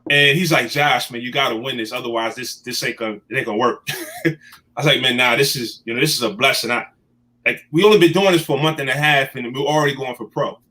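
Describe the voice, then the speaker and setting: A man in his thirties telling his life story in a casual chat, animated and emotional. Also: mid-range voice, fast. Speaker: guest.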